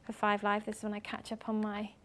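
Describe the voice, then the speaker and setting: A young woman from England speaks at a university lecture as a guest speaker. She tells her stories with animation and acts out other people's lines as she goes. Her voice sits at a middling pitch. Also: completely flat delivery, fast. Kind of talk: lively talk to students.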